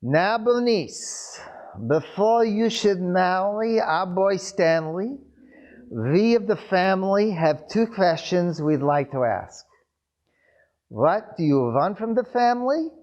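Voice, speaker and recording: A man's voice: high voice, animated, slow, a little mellow, muffled recording, voice pushed up. A man voicing a stern, cold old grandmother who questions a young bride in a stiff, formal way, inside a told story.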